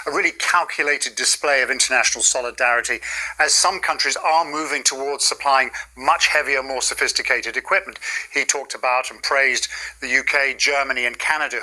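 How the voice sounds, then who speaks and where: A male diplomatic correspondent giving a measured, explanatory broadcast news report. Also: medium pitch, pushed and bright, rough recording.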